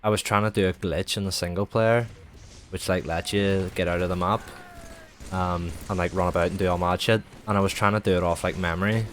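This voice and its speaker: Low and steady, with a slightly bright edge, this young man's voice moves fairly quickly over faint background noise. He's streaming casual chat that wanders all over, full of swearing and endless "like"s.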